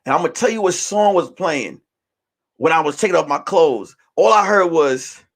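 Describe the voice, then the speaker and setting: A man with a high voice tells a story on his own stream. His pitch leaps all over the place. He talks in a loose, profane way that drops to hushed whispers and then bursts into shouts. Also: animated, moderate pace. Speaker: show host. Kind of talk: casual storytelling on a livestream.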